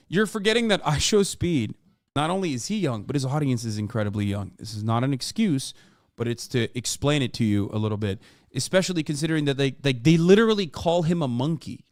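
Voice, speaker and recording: A man's voice: medium pitch, a little mellow, no room sound, studio quality. A man in his thirties, a streamer giving casual, profane live-stream commentary, ranting emphatically with plenty of fillers. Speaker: streamer reacting to a clip.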